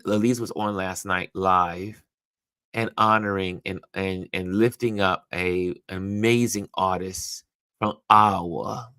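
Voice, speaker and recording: A man's voice: fairly low pitch, a bit bright, smooth, no echo. A man hosting a casual live stream, chatting about the news and greeting viewers by name, with frequent restarts and asides. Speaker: livestream host.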